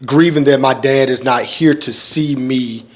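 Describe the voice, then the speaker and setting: A young adult man speaking in a reflective, measured way in a casual roundtable chat. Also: mid-range voice. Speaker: roundtable guest.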